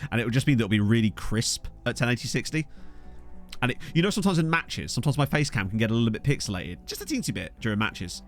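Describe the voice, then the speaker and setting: Young male streamer, chatty and rambling, animated delivery, desk mic. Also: medium pitch. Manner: rambling, chatty, addresses viewers. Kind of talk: casual live-stream chat while playing. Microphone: desktop USB mic.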